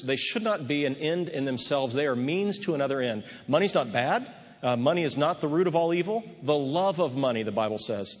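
A man preaching a sermon as pastor, telling a story earnestly with frequent restarts. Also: mid-range voice. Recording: long reverb of a large hall.

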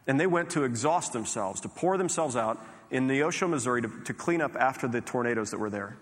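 Earnest pastor preaching a sermon. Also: male voice, mid-range voice, lively intonation, brisk. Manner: earnest, conversational, with restarts. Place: large church sanctuary. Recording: long hall reverb.

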